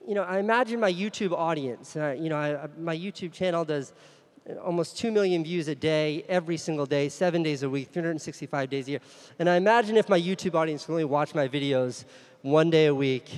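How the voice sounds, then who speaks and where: A man speaking to a conference crowd in a frank, self-deprecating way, his voice sitting a touch higher than most men's. His words ring out with the long tail of a big hall. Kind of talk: candid storytelling keynote.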